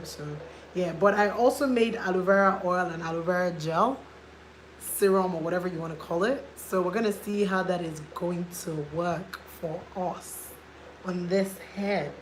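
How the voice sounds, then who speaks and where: A woman vlogger from Nigeria chatting casually on a live video, animated and indignant as she tells a story. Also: lowish voice, roomy sound, a little hiss or hum, rough recording. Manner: animated, gets loud and indignant retelling a confrontation.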